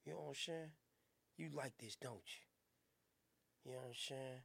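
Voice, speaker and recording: A man voicing a deep-voiced, smooth male seducer who murmurs low, teasing lines. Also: normal speed, fairly bright tone. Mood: seductive.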